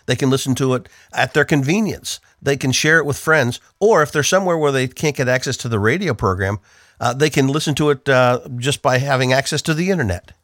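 A man's voice: medium pitch, fairly quick, fairly bright tone, dry recording, clean studio sound. A man from the northeastern United States giving an earnest, emphatic devotional Bible teaching on the radio.

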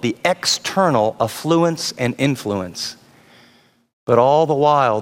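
A male pastor preaches with earnest conviction. He moves from calm teaching to raised, emphatic appeals. His voice rings out with a long hall reverb behind it. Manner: earnest preaching, rising to high emphatic pitch at climaxes. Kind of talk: sermon.

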